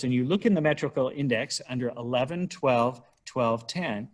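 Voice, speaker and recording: A man's voice: mid-range voice, normal speed. A middle-aged man giving an informal, wry talk on hymnals at a church, chatting and sometimes counting syllables aloud.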